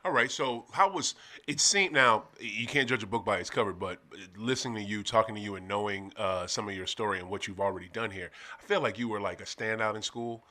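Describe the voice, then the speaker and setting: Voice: mid-range voice, a little fast, pushed and bright. A radio host with a St. Louis accent, chatting casually and affirming his guest often. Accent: St. Louis, Missouri. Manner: affirming, chatty, frequent backchannels. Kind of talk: casual interview chat.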